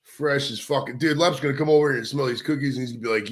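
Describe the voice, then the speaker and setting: A man's voice: medium pitch, rapid-fire. A man hosting a live stream, chatting casually in a crude, rambling, profane way. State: out of breath. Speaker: livestream host.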